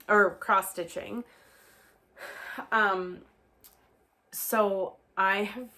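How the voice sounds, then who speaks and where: A woman from Canada talks to her viewers in a relaxed, unhurried way. She rambles, restarts her sentences and fills the gaps with little fillers as she shows her craft work to the camera. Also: mid-range voice. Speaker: knitting vlogger. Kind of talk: casual chat to camera.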